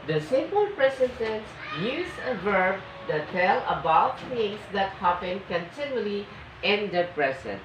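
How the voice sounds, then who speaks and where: A woman teaching an English grammar lesson, slowly and emphatically reading out example sentences for the class to repeat. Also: mid-range voice, very animated, background noise. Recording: echoey, muffled room from a distance.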